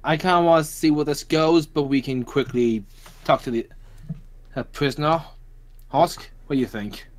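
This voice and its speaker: A man's voice: fairly high pitch, moderate pace. A man playing a tabletop game, dry and sarcastic. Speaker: player. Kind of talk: in-character tabletop role-play.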